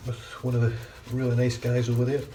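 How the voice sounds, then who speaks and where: A man shaves his head while giving a casual, rambling running commentary, often restarting his sentences. His mid-range voice is warm but completely flat in delivery, and he talks fast. The mic is distant, with faint background noise.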